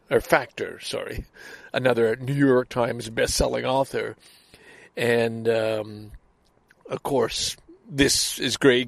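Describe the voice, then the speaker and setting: A man in a casual monologue, excitable and rambling, going high-pitched when he gets anxious. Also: creaky, dry recording. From Canada. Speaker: vlogger.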